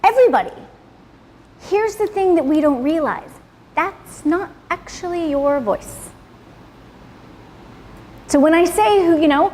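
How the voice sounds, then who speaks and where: A woman's voice: high voice, animated, normal speed, big-room sound. A woman leading a live motivational class, blunt and profane, checking in with "right?" constantly. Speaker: class leader. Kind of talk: casual motivational talk to a class. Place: salon room with live audience.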